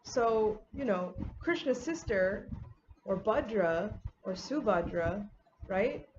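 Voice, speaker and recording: A woman's voice: medium pitch, lively intonation, slow, a little mellow, slight background noise. A young woman talking casually to camera as a vlogger, chatty and full of "like"s and "um"s. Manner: chatty, many "like"s and "um"s. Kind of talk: casual get-ready-with-me talk. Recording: slightly dull audio with faint ambience.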